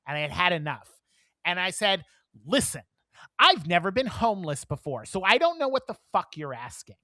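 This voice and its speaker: A man co-hosting a podcast, telling a story in casual chat, animated and profane, acting out the dialogue. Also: high-pitched, moderate pace, no echo. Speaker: podcast co-host.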